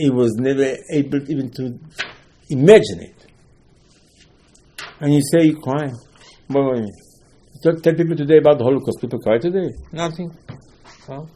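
Man, Torah lecture, animated storytelling, rhetorical questions, husky, mellow. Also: mid-range voice. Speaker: rabbi.

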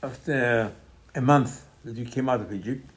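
A man's voice: medium pitch, moderate pace. A man, a rabbi giving an informal Torah class in choppy English with lots of repetition. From Israel. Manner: choppy non-native English with many repetitions.

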